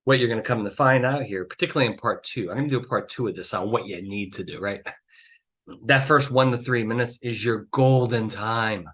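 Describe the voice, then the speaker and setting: A trial consultant hosts a solo podcast, giving blunt, emphatic advice full of swearing and exasperated outbursts. His voice is medium-pitched and a bit bright, and he talks a little fast.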